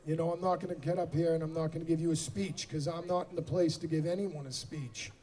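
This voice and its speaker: A man's voice: a little high, steady tone, fast, dark tone. A man in his forties with a Boston accent, joking between songs as a singer-songwriter at an outdoor concert. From Boston area, USA. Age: 40s. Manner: self-deprecating joking. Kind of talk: stage banter at outdoor concert. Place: outdoor amphitheater stage. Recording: distant PA sound with music.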